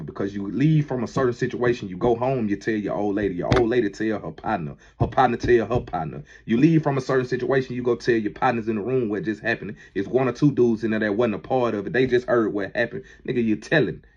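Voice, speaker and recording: A man giving a heated, profane monologue that keeps rising toward a shout. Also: medium pitch, husky, dull audio. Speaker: manager addressing critics. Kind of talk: impassioned monologue.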